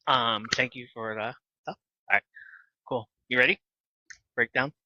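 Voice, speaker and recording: A man hosting a casual live podcast, animated and laughing often as he chats with viewers. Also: medium pitch, a little slow, no echo. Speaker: podcast host. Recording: slightly dull lo-fi mic.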